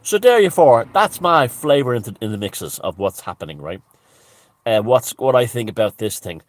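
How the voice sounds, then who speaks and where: A man's voice: medium pitch, sing-song, moderate pace. A man delivering a crude, scornful ranting monologue as a commentator, swearing heavily. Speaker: alternative-thinking commentator.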